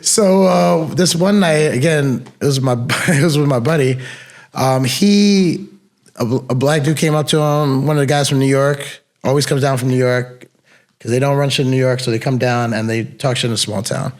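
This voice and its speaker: A young man with a medium-pitched voice speaks at a moderate pace, chatting casually as a podcast co-host. He used to work as a bouncer and tells easygoing, slang-filled stories about security work, punctuated by bursts of laughter.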